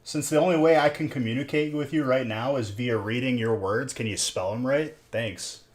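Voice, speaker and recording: A young man speaks at medium pitch and a normal speed. He is alone in a room, live streaming as he opens trading card packs, rambling in relaxed chat and poking fun at his viewers.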